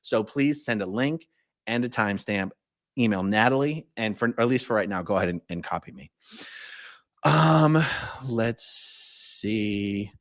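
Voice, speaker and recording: A man's voice: fairly low pitch, lively intonation, measured pace, no room sound, studio quality. An American man hosting a casual livestream, reading viewer comments aloud in an easygoing way. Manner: conversational, reads viewer comments aloud, many fillers. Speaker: livestream host filling in.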